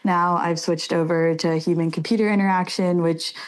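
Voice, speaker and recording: A young woman, a graduate student, chats as a guest with an upbeat, articulate manner and light laughs. Her voice sits a touch low. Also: steady tone, normal speed. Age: 20s. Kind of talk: casual chat.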